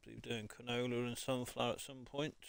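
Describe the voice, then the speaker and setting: A man in his forties talks his way through a live gaming stream, greeting viewers by name and laughing along with them. His medium-pitched voice carries a gravelly rasp. His talk is loose and friendly, full of mate and look at this. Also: level tone, a little fast, no room sound. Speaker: game streamer.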